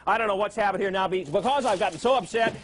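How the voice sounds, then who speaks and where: A man's voice: sits high, fast, a bit bright, slight background noise. A man hosting a late-night talk show, joking and rambling in a mock-bossy way before a live studio audience. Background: live studio audience laughter.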